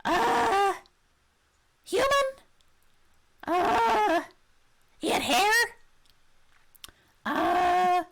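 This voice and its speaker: A woman doing a high eager kobold. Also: animated, gravelly, heavily acted. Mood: eager, vague. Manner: hesitant, halting answers with many drawn-out uhs. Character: eager simple-minded kobold, helpful and rambling.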